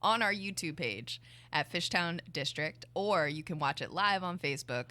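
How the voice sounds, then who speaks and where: A woman co-hosting a casual talk show, answering in a dry, deadpan way while she has a cold. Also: lowish voice, normal speed, dry recording. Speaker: co-host. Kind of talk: casual morning show banter.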